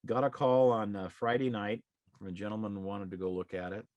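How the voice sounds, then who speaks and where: A middle-aged real estate exam prep instructor tells an anecdote to his live class in a folksy, conversational way, acting out the dialogue. His voice is fairly low, brisk and a little mellow, and the recording is dry and muffled.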